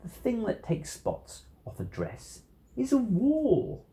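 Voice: mid-range voice, wildly swooping pitch, takes it slowly, mellow, pitched above the performer's own voice, heavily acted. A storybook reader voicing a mischievous cat in a tall hat, playful and breezy in a sing-song manner. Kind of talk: storybook reading.

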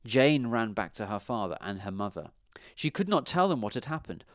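Expressive male storyteller for a kids' tale, animated, dry booth sound. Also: lowish voice, moderate pace, no echo. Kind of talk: storybook read-aloud.

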